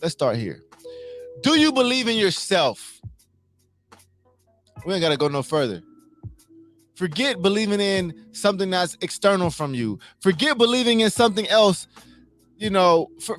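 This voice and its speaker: A man's voice: high voice, sing-song, moderate pace, pauses often, a bit bright, soft background music. A man hosting a casual motivational livestream, emphatic, repeating his points and asking his listeners questions.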